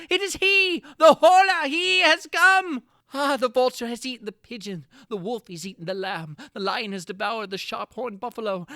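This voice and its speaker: Guy doing a dramatic horror reading, bright sharp voice, dry close mic, goes from frantic yelling to quiet brooding. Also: sits high, no echo. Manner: theatrical, swinging from frantic cries to hushed brooding. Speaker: narrator.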